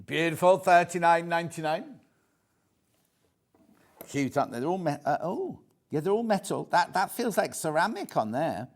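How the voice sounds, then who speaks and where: British male shopping-channel host, lively banter, keeps repeating the price. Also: a little high, moderate pace, pauses often. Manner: chatty, jokey, repeats prices. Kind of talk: live TV sales pitch. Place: TV studio.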